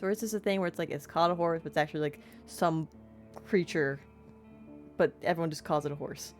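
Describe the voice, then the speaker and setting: A woman's voice: fairly low pitch, fairly even intonation, brisk, faint music behind. A young woman streaming a game, bubbly, giggly and chatty with her chat.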